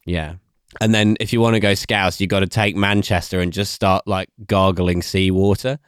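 A man's voice: low voice, fairly even intonation, moderate pace, clear, resonant tone, dry recording, clean studio sound. A man with an English accent co-hosting a comedy podcast, talking in rambling, self-interrupting bursts and laughing often. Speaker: podcast co-host. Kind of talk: casual comedic chat.

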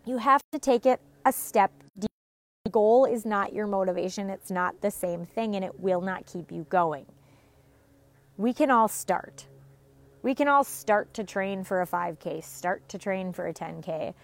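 A woman's voice: mid-range voice, unhurried, gravelly, no room sound. A woman in her thirties, a fitness coach and mother, giving an earnest, emphatic motivational talk to viewers, repeating phrases for effect.

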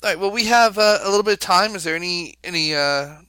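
A man hosting a casual podcast, tossing out playful follow-up questions and laughing along. His voice is bright and forward, recorded very dry and close to the mic. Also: high voice, fast talker, smooth, dry recording. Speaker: podcast host. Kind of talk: casual chat.

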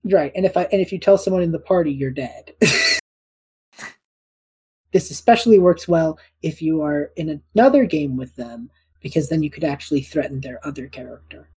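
A woman co-hosts a relaxed gaming podcast, reading out listener questions and joking as she rambles. Her voice is very husky and breathy, with a mellow, dark tone, pitched a little low. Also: moderate pace, low-quality recording. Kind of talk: casual chat.

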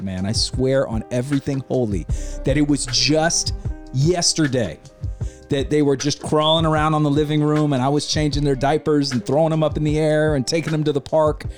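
A man's voice: a little high, a little mellow. A man, co-hosting a casual podcast chat and telling stories with animation and casual swearing. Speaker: podcast co-host.

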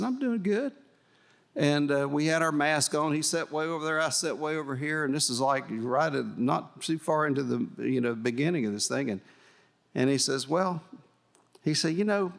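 A man's voice: fairly high pitch, gravelly. An older man preaching, telling a folksy, emotional testimony with fillers and restarts. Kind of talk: sermon storytelling.

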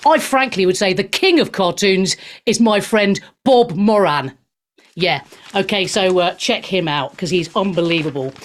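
A woman's voice: medium pitch, measured pace. Bubbly, jokey woman radio host. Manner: bubbly, jokey, cheeky asides, laughs often. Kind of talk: chatty radio talk.

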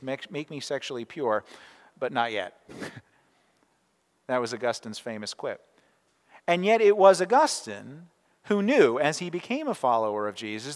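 A man preaching a sermon in a church sanctuary, his voice sitting a touch high for a man. He talks in an easy, conversational way, throwing in rhetorical questions and asides. A long reverb trails each phrase. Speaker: pastor.

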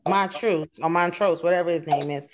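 A woman's voice: lowish voice, fairly quick, slight background noise. A woman co-hosting a casual chat, asking hesitant questions with many fillers. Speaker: podcast co-host.

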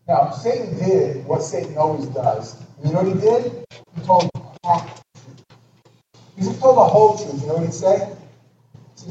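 A man preaching a sermon with great emphasis, swinging from loud exclamations to hushed near-whispers. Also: fairly high pitch, lively intonation, unhurried, long pauses. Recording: echoey hall, distant dull mic with noise.

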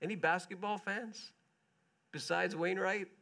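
A man preaching a sermon in a relaxed, conversational way, asking his listeners questions as he goes. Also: high voice, a little slow, gravelly. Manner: conversational, chatty with the congregation, asks them questions. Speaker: pastor.

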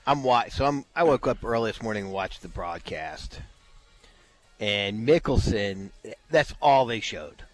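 Co-host, male, lowish voice, rambling storyteller with restarts, faint music bed. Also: lively intonation, a little slow. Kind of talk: casual golf chat.

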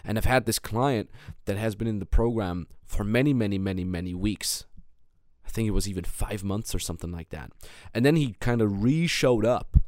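A man's voice: fairly low pitch, moderate pace, darkish tone, dry recording, studio quality. A man hosting a business coaching podcast, talking in a blunt, heated monologue. He swears a lot and repeats words and restarts when worked up.

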